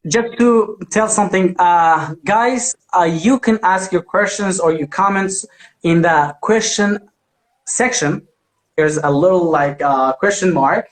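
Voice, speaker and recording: A man hosts a live chat, pausing often and filling the gaps as he talks. His voice is high for a man. An echoey room rings around him. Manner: hesitant, many fillers. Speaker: host.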